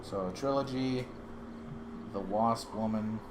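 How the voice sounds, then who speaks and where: A man's voice: on the low side, takes it slowly, background noise. A man hosting a livestream, chatting casually, joking and swearing as he thinks aloud. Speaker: livestream host.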